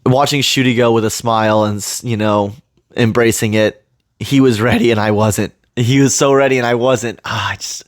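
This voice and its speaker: Reaction host, male, mid-pitched, heartfelt fan commentary, close dry mic. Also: steady tone, moderate pace, dry recording. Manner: earnest, voice cracking with emotion.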